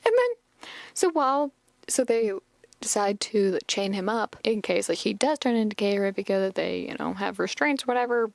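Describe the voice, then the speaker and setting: Young woman podcaster, rambly casual recap, gravelly fry, dry close mic. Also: mid-range voice, very animated, moderate pace, no room sound. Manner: rambling, lots of fillers, chatty. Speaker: podcast host.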